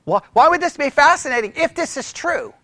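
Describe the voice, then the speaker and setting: A pastor teaching church history as a sermon-style lecture, animated, asking the room questions and often restarting his words. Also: very high voice, fairly quick, dry recording. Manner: animated, asks the room questions, mimics critics.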